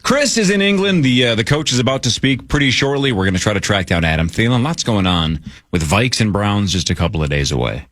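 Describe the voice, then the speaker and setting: A man hosting a morning radio sports show, running the rundown in a brisk way. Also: lowish voice, lively intonation, a bit bright.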